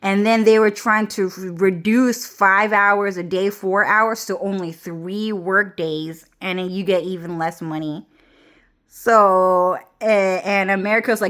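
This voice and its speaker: A woman's voice: mid-range voice, steady tone, measured pace, a bit bright. A young woman rambling through a casual vlog rant. Her talk is loose and profane, full of restarts and laughter. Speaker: vlogger.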